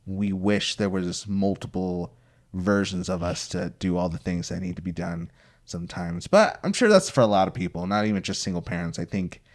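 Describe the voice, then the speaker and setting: A man hosting a podcast, rambling through playful hypothetical scenarios in casual chat. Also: sits low. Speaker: podcast host.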